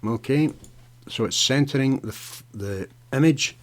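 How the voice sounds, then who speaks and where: A man hosting a live software tutorial, chatting casually as he clicks through steps, often saying "okay" and "right". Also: medium pitch, a little slow. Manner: casual, talks to viewers by name, fillers and okays. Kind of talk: live screen-share tutorial.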